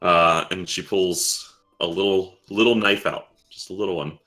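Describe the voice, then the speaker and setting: A man narrating a tabletop game as dungeon master, halting with frequent fillers. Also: deep voice, steady tone, bright, forceful tone, soft background music.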